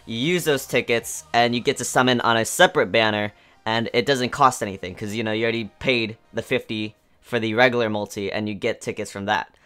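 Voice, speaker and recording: A man talking fast and excitedly about game news as a YouTube host, rambling with lots of fillers into a desk mic. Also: medium pitch, clear, resonant tone. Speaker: gaming YouTuber. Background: faint background music.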